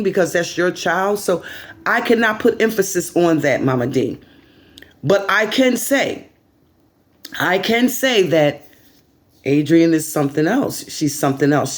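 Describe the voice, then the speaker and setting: A woman's voice: on the low side, a little mellow. Rambling woman vlogger. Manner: rambling, repetitive, with many fillers. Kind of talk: casual commentary vlog.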